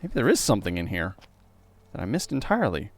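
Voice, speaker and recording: A young man playing a video game and commenting, excitable, jumping from loud yelps to quiet muttering. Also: on the low side, fast, gravelly. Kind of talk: let's play commentary.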